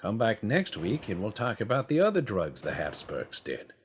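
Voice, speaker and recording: A man's voice: fairly low pitch, wildly swooping pitch, moderate pace, a little hiss or hum. A man voicing a pompous male history documentary narrator in a mock-serious, declaiming manner. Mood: mock-grave.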